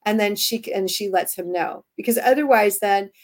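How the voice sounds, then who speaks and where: A woman author, interviewed as a guest, telling lively stories and acting out the dialogue in them. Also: mid-range voice, moderate pace. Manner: animated storytelling, acts out quoted dialogue. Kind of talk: conversational interview.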